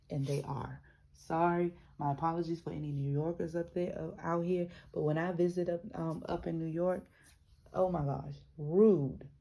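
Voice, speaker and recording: A woman's voice: low voice, warm tone. A woman from the American South reading a memoir aloud and breaking off into chatty asides, restarting words as she goes. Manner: frequent restarts and self-corrections while reading. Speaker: reader.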